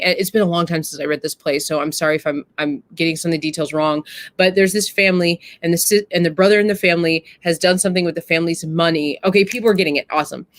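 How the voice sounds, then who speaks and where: A woman's voice: fairly low pitch, no echo. A woman hosting a live stream, talking earnestly and casually and addressing her viewers directly. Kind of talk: casual reflective talk to viewers.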